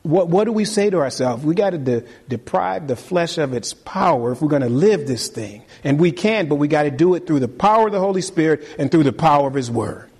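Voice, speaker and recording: High-voiced animated pastor preaching. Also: male voice, fairly quick, few pauses, slightly rough, long reverb tail. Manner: animated preaching, repeats phrases, talks to the congregation. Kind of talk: sermon. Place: church sanctuary.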